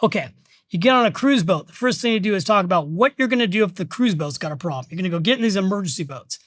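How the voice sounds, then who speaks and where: A middle-aged man, a guest on a podcast interview, who talks about money in an emphatic, energetic way and tells stories as he goes. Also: high voice, quick pace, no echo, clean studio sound. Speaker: guest, financial author.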